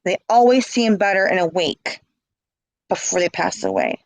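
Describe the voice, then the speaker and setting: A woman's voice: on the low side, wildly swooping pitch, normal speed, no echo, poor audio. A middle-aged woman, telling a personal story with passion and repeating herself. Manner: impassioned, repeats herself, acts out quoted calls. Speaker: interviewee. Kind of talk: emotional personal account.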